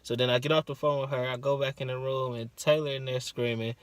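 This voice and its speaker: A young man with a relaxed voice tells his side of the story in easygoing, slangy speech. He trails off and fills pauses with filler words, calm and unhurried at a middle pitch. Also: smooth, no echo. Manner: laid-back, slangy, a bit hesitant. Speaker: co-host, her partner. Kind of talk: casual storytelling chat.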